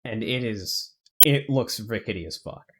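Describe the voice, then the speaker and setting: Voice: mid-range voice, unhurried, background noise. Rambling, casual game master. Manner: loose and rambling, full of "like" and casual swearing. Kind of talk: narrating a tabletop game.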